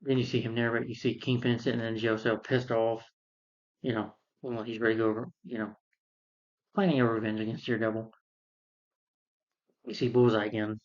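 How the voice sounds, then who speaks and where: A man's voice: mid-range voice, little pitch movement, fairly quick, long pauses. A man giving a casual spoken film review, retelling the plot in a rambling, repetitive way. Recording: dull, muffled lo-fi sound.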